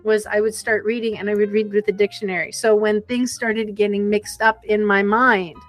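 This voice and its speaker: A woman in her fifties, a podcast guest telling stories in an animated, conversational way. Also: mid-range voice, normal speed, faint music behind. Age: 50s. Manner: animated storyteller who acts out the voices in her anecdotes. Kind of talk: conversational storytelling interview.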